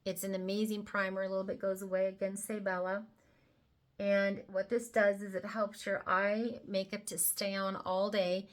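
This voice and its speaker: A woman's voice: mid-range voice, flat delivery, normal speed. A woman presenting a casual makeup tutorial, talking the viewer through each step with chatty, playful asides. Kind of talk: casual how-to demonstration.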